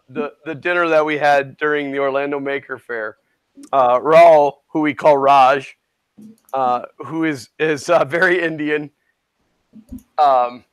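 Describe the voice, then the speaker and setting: A man's voice: fairly high pitch, clear, resonant tone, no echo. A man from Minnesota co-hosting a livestream, a chatty storyteller in casual chat. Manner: chatty storyteller, laughs easily. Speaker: co-host of a livestream.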